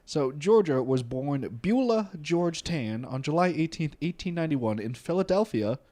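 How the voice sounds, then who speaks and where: A man's voice: a little high, lively intonation, normal speed, dark tone. Laid-back young man telling history. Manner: laid-back, swears freely, laughs often. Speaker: podcast co-host. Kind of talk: casual comedic history storytelling.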